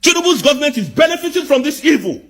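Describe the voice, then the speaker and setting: A man from southeast Nigeria, delivering an angry political rant full of repeated rhetorical questions and bursts of shouting. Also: very high voice, sing-song, fast talker.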